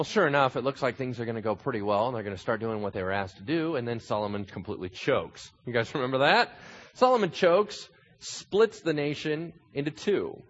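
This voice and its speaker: A man's voice: medium pitch, slightly rough, lo-fi sound. A man preaching a sermon, telling the story dramatically and acting out the voices of the crowd. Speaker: pastor.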